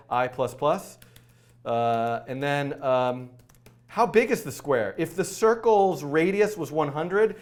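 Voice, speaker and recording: A man hosting a live coding stream, thinking aloud in a rushed, flustered way, full of fillers and self-corrections. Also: a little high. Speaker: coding livestream host.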